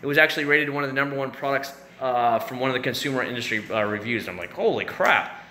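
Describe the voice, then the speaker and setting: Answering chat on his YouTube live stream, a man in his thirties from Central Florida rambles casually, with lots of fillers and restarts. His mid-range voice is steady, pushed and bright, and he races along. The room is echoey, with faint background noise.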